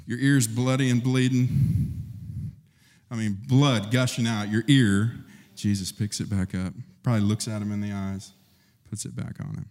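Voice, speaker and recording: A man preaching a sermon in an animated way, acting out the people in the story as he goes. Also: normal speed. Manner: animated, acts out quotes with rising pitch. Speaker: pastor. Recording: long hall reverb.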